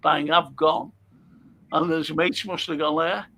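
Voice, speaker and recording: A man's voice: a little high, level tone, a little slow, pushed and bright. An older man with a Liverpool accent, hosting a casual chat, reading out viewer comments and telling stories with frequent laughter. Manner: storytelling, laughing often. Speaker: host.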